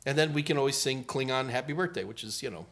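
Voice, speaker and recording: A man's voice: mid-range voice, fast, creaky, background noise. A man in his sixties hosting a casual live Q&A about IT certifications, joking and trailing off mid-sentence. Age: 60s. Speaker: host, IT certification trainer.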